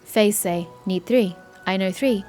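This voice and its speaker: A woman voicing a timid little male kobold who speaks in halting, broken phrases. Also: mid-range voice, mellow, faint music behind, natural voice.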